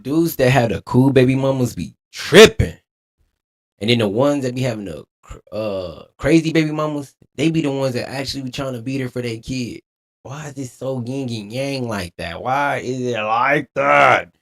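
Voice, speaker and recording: A man's voice: mid-range voice, normal speed. Laughing man ranting on stream. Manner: laughing, animated, preachy rants. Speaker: streamer reacting to a clip. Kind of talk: casual reaction commentary.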